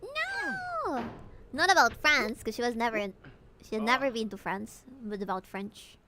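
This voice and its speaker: A woman's voice: on the high side, brisk, background noise. A young woman from Peru with a Peruvian Spanish accent, chatting playfully and giggling with her stream chat as a VTuber. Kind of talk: casual chat with chat.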